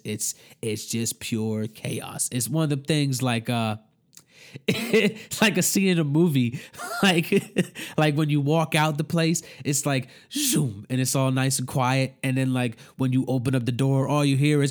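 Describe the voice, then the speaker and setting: A man telling a story in casual, profane speech, animated and acting out the other people in it. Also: mid-range voice. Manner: animated, swearing, acts out every voice.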